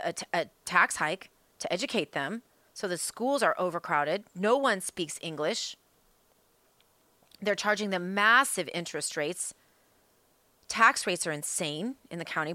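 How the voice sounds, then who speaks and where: A woman's voice: lowish voice, pushed and bright, no room sound. A woman hosting a political talk show, delivering a fired-up, emphatic monologue that is full of rhetorical questions. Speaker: political commentary host.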